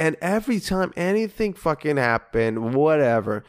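A man's voice: on the high side, big pitch swings, moderate pace. A man co-hosting a podcast, telling a long story in casual chat, swearing constantly and acting out both sides of an argument. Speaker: podcast co-host.

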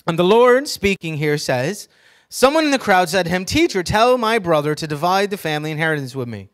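A man's voice: high voice, big pitch swings, a little fast. A man preaching a sermon to a congregation, reading scripture with emphasis and teaching by asking the audience questions, with joking asides. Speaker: pastor.

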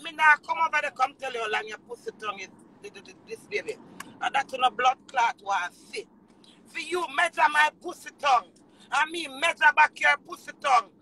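A tearful woman with a Jamaican accent, ranting emotionally, swearing in patois, swinging from low mutters to shouts. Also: expressive, a little fast, rough recording. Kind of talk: emotional live rant.

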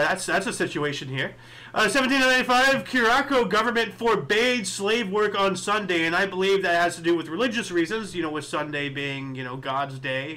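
High bright-voiced man rambling through history. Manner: rambling, thinks aloud with many fillers and asides. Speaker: history show host. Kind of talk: casual solo commentary reading history events.

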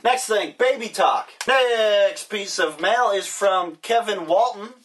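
A man's voice: high-pitched, expressive, slow, fairly bright tone, slightly rough. A man hosting a casual mail-opening vlog, joking and rambling sarcastically as he opens packages. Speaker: vlogger. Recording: distant mic, faint hiss.

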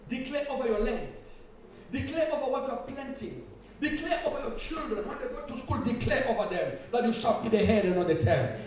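Male pastor, sermon delivery with shouted builds and laughs; distant mic, heavy church echo, faint hiss. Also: high-pitched. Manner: preaching with rising shouts and laughter, repeating phrases. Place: church hall. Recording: echoey church hall from far off, faint hiss.

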